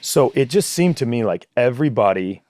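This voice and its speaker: Man, forties, guest actor, lively storyteller who trips over his words, close dry sound. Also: medium pitch, brisk, no echo. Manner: animated storyteller with frequent restarts. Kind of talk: casual chat.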